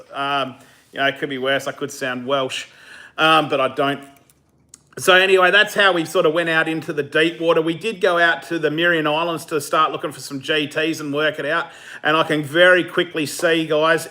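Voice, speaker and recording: Man, fishing channel host, live stream chat, relaxed and chatty, laughs easily, bright tone. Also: fairly high pitch. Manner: casual, chatty, laughs easily, many fillers. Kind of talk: live stream chat answering viewer comments.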